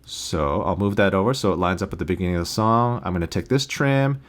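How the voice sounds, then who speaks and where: A man teaching how to use music recording software in a plain, practical screen-recorded tutorial, recorded on a USB interface mic. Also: sits low, fairly quick. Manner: plain, practical explaining with sung beep demos.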